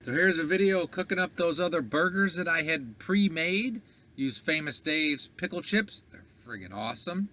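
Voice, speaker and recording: Upbeat man vlogging, bright voice. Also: a little high, animated, moderate pace. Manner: chatty and upbeat, laughs often. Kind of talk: casual cooking vlog. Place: inside an RV.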